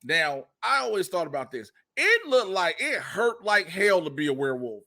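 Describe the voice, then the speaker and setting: A man hosting a podcast in casual chat, animated and profane, acting out quotes in funny voices. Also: high-pitched, moderate pace, creaky. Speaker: podcast host.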